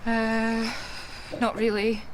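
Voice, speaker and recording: A woman's voice: on the high side, monotone, drawn-out words, a little hiss or hum. A woman with a Scottish accent playing a flustered witness in a TV drama who stammers and then gets exasperated. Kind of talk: TV drama acting.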